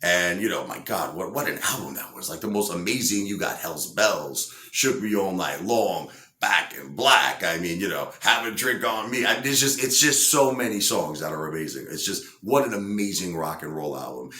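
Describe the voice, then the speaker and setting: A man's voice: deep voice, expressive, moderate pace, pushed and bright, echoey room. A man casually telling a story with lots of fillers, acting out quotes in other voices. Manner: rambling, many fillers, acts out quotes. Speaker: entertainer storyteller.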